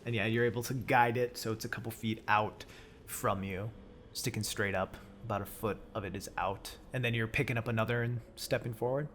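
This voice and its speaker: A man narrating as game master of a tabletop role-playing game, describing scenes in a relaxed way. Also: fairly low pitch, fairly quick, slight background noise. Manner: relaxed, laughs often while describing scenes.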